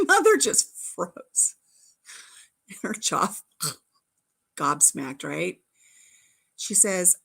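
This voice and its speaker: This middle-aged woman, hosting a relaxed livestream, has a husky mid-range voice with a fairly bright tone. She tells childhood stories in a giggly, talkative manner full of playful innuendo.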